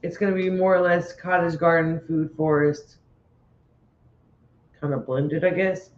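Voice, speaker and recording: A man's voice: a little high, steady tone, measured pace. A man co-hosting a livestream in easygoing, laugh-filled chat. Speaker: livestream co-host. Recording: roomy, dull home audio with faint noise.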